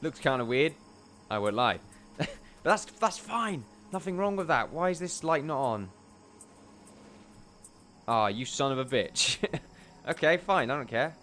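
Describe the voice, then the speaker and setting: A man's voice: mid-range voice, lively intonation, a little slow, pauses often, fairly bright tone, faint music behind. Chatty man narrating gameplay. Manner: chatty, rambling, jokey asides. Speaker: gameplay commentator. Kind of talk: let's play commentary.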